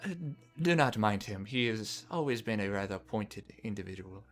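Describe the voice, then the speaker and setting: A man's voice: fairly low pitch, expressive, normal speed, faint music behind, lightly acted. A man voicing an elegant, flamboyant male cavalry officer who speaks in a polished, formal way in a tabletop game. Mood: dismissive.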